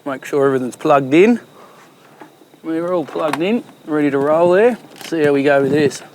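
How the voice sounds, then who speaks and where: A man's voice: on the high side, normal speed, darkish tone, a little hiss or hum. A young Australian man hosting his own cooking show, chatting casually and cheekily with plenty of slang while he cooks. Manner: blokey and cheeky, full of slang. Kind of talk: casual cooking vlog chat.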